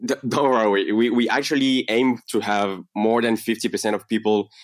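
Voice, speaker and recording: A man from France joins a podcast as a guest. His voice is very low, and he answers in a friendly, slightly halting way. The recording is dry. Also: steady tone, no room sound. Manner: friendly, a little hesitant, repeats words. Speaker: event co-founder, guest. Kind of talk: podcast interview.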